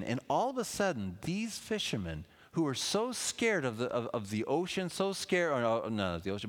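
A man preaching a sermon in a lively, conversational way, with asides to the congregation. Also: mid-range voice. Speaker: pastor. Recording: long hall reverb.

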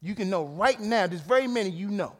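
A man preaching a sermon, casual and direct, dropping to low asides and rising to shouted emphasis. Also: expressive, fairly quick. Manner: casual, calls out to listeners. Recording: long hall reverb.

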